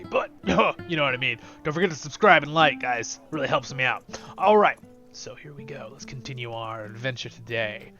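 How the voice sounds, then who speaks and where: A man's voice: mid-range voice, sharp tone, muffled recording. A man hosting a game playthrough, chatty and laughing at himself while commenting. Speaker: let's play host. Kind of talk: casual gameplay commentary.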